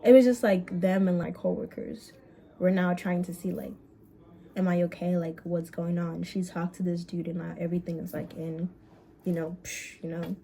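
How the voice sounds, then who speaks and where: A young woman vlogger telling a story in casual chat, animated and swearing, with quick bursts and drawn-out words. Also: on the low side, a little hiss or hum.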